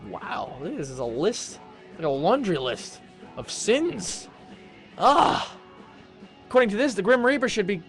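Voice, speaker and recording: Man, slightly high voice, casual home webcam radio host, rambling asides, many fillers, faint music behind. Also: sing-song, normal speed, a bit bright. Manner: reads posts aloud with asides and many fillers. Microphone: webcam microphone.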